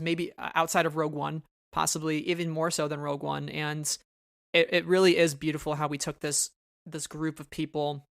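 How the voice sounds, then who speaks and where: A man hosting a fan interview podcast, his voice gravelly and fairly flat in pitch. He speaks with enthusiasm but keeps stumbling and repeating words. The sound is dry. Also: no room sound. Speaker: podcast host. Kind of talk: casual interview.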